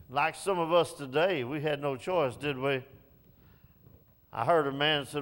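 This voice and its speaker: A man preaching a sermon, dropping to hushed low passages and rising to pleading, raised lines. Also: unhurried, pauses often, big-room sound.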